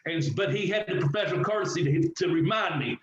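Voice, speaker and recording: A middle-aged former wrestler telling a story in a casual interview, animated and swearing freely as he acts out what others said. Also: sits high, fast talker. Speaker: guest, former pro wrestler. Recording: echoey, dull, slightly noisy audio.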